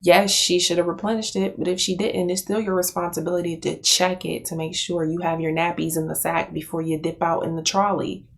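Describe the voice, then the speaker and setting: A woman's voice: fairly low pitch, little pitch movement, a little fast, vocal fry, few pauses. American woman, reaction commentary, chatty, incredulous, laughs a lot, recorded at home. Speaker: commentary youtuber. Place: room at home with a cat nearby.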